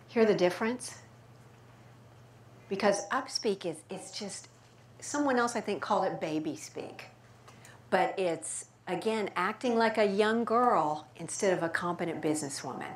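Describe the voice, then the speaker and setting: A woman voice coach answering audience questions at a talk, lively and playful as she demonstrates speech patterns. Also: medium pitch, unhurried. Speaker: speaker and voice coach. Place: event room with audience. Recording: echoey room, faint noise.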